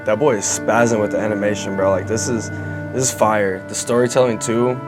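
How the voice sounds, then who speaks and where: Young man, cast member, casual reaction commentary, slangy and hyped, lowish voice, faint music. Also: steady tone, brisk. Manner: slangy and enthusiastic.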